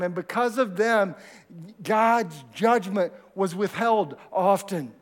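High-voiced pastor preaching in a hall. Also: male voice. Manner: conversational, asks the congregation questions. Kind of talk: sermon. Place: church sanctuary.

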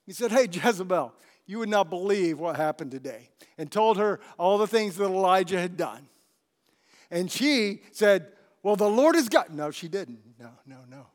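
A man preaching a sermon, telling a scripture story with animated storytelling and asking the congregation questions. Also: sits high, moderate pace. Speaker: pastor.

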